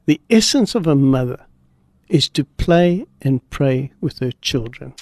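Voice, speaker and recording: Brief: man, guest pastor, gravelly voice, slow emphatic storytelling. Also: mid-range voice, lively intonation, a little mellow, dry recording. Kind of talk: preaching and storytelling on radio.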